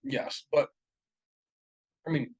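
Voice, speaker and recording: A man's voice: slow, poor audio. A young man co-hosting a casual podcast chat, telling long profane stories full of fillers and laughs. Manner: profane, rambling storytelling with frequent laughs and fillers. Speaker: podcast co-host.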